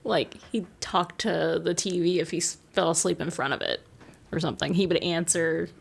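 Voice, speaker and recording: A woman's voice: fairly low pitch, steady tone, normal speed, gravelly, husky. A woman co-hosting a podcast, trading playful, teasing banter in casual chat. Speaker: podcast co-host.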